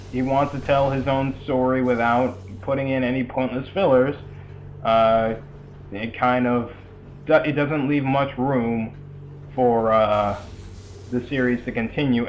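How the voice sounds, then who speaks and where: A man's voice: medium pitch, a little hiss or hum. A young man giving casual, rambling commentary over a video game, full of chatty asides and fillers. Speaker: let's play commentator.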